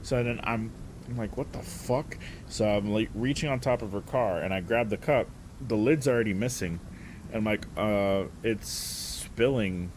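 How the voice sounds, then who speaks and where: A man's voice: on the low side, brisk, a little mellow, slight background noise. Profane, laughing man telling a story. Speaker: streamer. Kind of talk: casual anecdote telling.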